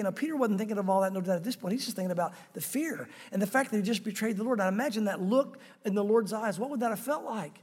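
A male pastor delivers an emphatic, conversational sermon from the pulpit. His voice sits fairly high and has a husky grain. A long hall reverb trails each phrase. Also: animated, very fast, hardly any pauses. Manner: emphatic and conversational, addressing the crowd as guys.

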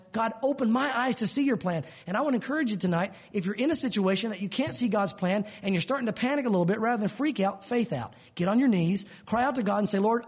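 A man preaching a sermon as a pastor, lively and animated, acting out the voices of the people in his stories. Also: high-pitched, husky.

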